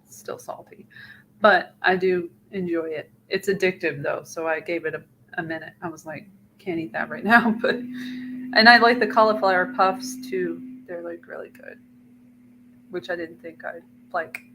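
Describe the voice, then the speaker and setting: A woman's voice: on the low side, fairly even intonation, normal speed, background noise. A woman chatting in an easygoing way on an online show, sitting far from her microphone. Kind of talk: casual chat. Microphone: mic placed far away.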